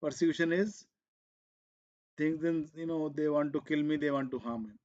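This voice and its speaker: Throat-clearing man teaching medicine. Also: a little high, darkish tone, highs cut off. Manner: slow, repetitive explaining, switching into Hindi asides. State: coughing and clearing his throat often. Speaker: medical exam coaching teacher. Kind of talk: live exam revision lecture.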